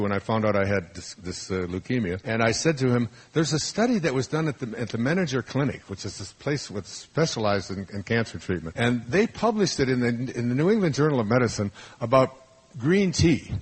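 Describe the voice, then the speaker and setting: A man's voice: mid-range voice, very animated, brisk, slightly rough. An older man giving a rambling, anecdotal talk to a live audience, full of restarts as he tells stories. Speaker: motivational speaker. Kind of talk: storytelling lecture to a live audience.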